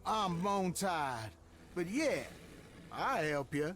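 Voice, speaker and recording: A man's voice: sits high, very animated, slow pace, fairly bright tone, soft background music, exaggerated voice. An actor voicing a weary dockside townsman with a drawling voice, in a video game.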